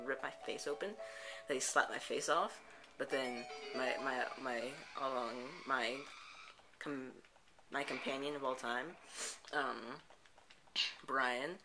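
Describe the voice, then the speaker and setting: The host of a let's play gameplay channel, a man with a mid-range voice, improvises a rambling story packed with "and then, like" restarts. Background music plays, and the recording is rough.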